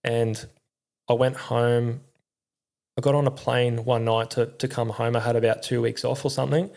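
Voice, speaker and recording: A man's voice: mid-range voice, flat delivery, moderate pace, vocal fry, a little mellow. A middle-aged Australian man telling his story in a candid, rambling way, swearing often and using slang. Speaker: podcast guest, former army crew commander.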